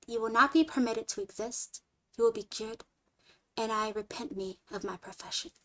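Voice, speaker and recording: A woman voicing a weary male alien scout from a storybook, speaking slowly in a flat, formal way, lower and quieter than her reading voice. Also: natural voice. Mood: grave.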